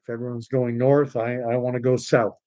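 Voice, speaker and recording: A middle-aged man from Canada talks through his livestream in a loose, rambling way. His voice sits in a middle pitch, and he sounds contrarian and scornful when he pushes back on ideas. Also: flat delivery, fairly quick, warm tone. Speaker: livestream host. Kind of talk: casual livestream commentary.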